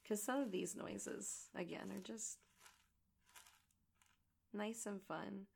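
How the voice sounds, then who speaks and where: A woman with a gravelly voice today, chatting casually and rambling as she crafts. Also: medium pitch, fairly even intonation, takes it slowly, a little mellow, slight background noise. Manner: rambling and chatty, many fillers. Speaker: audio creator and crafting vlogger. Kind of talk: casual chat while crafting.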